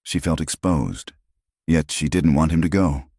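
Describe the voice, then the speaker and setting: Steady and measured, an extremely deep, husky male voice narrates a frontier tale as a scripted audiobook. The audio is close and dry, free of any room echo.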